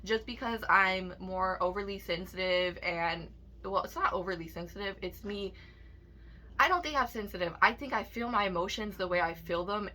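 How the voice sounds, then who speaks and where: A woman's voice: fairly low pitch, pushed and bright. A young woman in a casual vlog, ranting emotionally to her viewers with heavy swearing.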